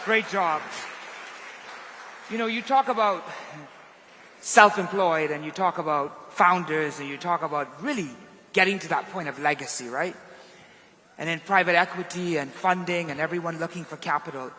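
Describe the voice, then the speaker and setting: Male event host, bright sharp voice, upbeat, hall reverb, faint crowd murmur. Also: fairly high pitch, normal speed, pauses often, slight background noise. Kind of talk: stage interview.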